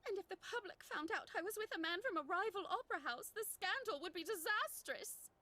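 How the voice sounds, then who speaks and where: A young opera singer in an anime dub, anxious and breathless. Her voice is very high and bright, and her pitch jumps around. Light music plays behind her. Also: lively intonation, a little fast, exaggerated voice. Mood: worried.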